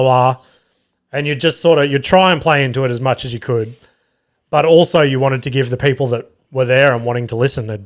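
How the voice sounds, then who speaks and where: An Australian man hosting a podcast, telling a rambling, profane story about touring as a stand-up comedian. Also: mid-range voice. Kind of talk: casual storytelling monologue.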